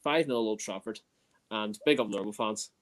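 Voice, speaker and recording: A man's voice: on the low side, normal speed. A man appearing as a guest fan pundit in a casual post-match chat, buzzing and rambling with many fillers.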